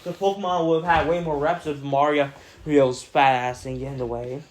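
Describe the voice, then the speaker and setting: A teenage boy giving casual, profane video commentary, excitable and prone to sudden outbursts. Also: a little high, normal speed. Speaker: gaming video creator.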